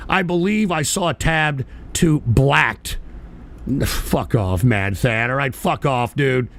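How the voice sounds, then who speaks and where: A man's voice: medium pitch, takes it slowly, a bit bright. A man hosting a livestream, ranting in a profane, exasperated way with stammering restarts. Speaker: livestream show host. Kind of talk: angry livestream rant.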